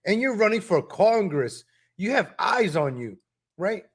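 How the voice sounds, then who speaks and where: High-voiced man hosting a live stream. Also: very animated, a little slow, slightly rough. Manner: talks straight to viewers, scolding and chuckling; repeats himself with tag questions. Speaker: live-stream commentary host. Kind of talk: casual live-stream commentary.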